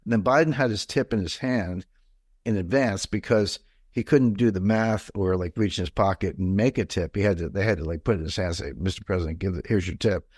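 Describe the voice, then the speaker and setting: His lowish, husky voice is a little mellow and a little fast, recorded dry in studio quality. The middle-aged guest from the mid-Atlantic US rambles through a conversational interview, digressing often and frequently using fillers and restarting sentences.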